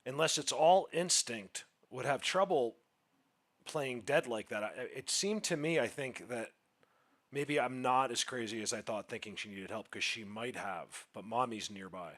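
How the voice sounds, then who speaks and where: A man's voice: mid-range voice, moderate pace, a bit bright. A man giving earnest, reflective voice-over commentary, talking in a hesitant way. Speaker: vlogger.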